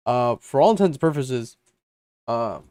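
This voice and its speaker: A young man on a podcast spins a long, rambling story and slips into his friends' voices for their lines. His pitch sits at a medium height. The recording is dry and close, with no room sound. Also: animated, unhurried, warm tone, dry recording. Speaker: podcast co-host. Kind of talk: casual storytelling chat.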